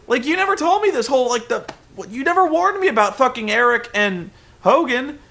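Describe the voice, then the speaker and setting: Man parodying a high-pitched, dramatic woman boss who feels betrayed and lays on the whine. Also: sing-song, brisk, gravelly, pushed and bright, heavily acted. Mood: accusing. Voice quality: high shrill mock-falsetto. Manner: whiny, overwrought parody. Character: shrill wounded woman boss, accusing and dramatic.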